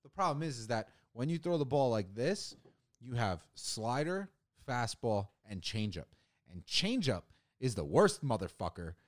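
A man's voice: medium pitch, sing-song, unhurried. A young man co-hosting a casual podcast chat, rambling with lots of "like," restarts and swearing. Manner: rambling, profane, many restarts and fillers. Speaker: podcast co-host.

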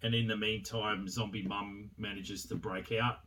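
A man's voice: on the low side, level tone, moderate pace, sharp tone, recorded from a distance, a little hiss or hum. A man giving a rambling, casual film review, full of swearing, fillers and chuckles.

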